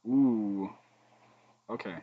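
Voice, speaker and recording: A man's voice: lowish voice, extremely slow, husky, no room sound, phone-quality sound. A man streaming a card game, thinking aloud between plays, humming and muttering, with joking asides to his chat. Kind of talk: casual gameplay commentary.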